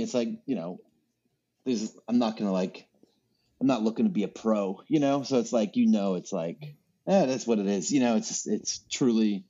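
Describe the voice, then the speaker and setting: A man's voice: mid-range voice, mellow, muffled recording. A man chatting as a podcast guest, rambling through stories with lots of fillers and restarts. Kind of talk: casual chat.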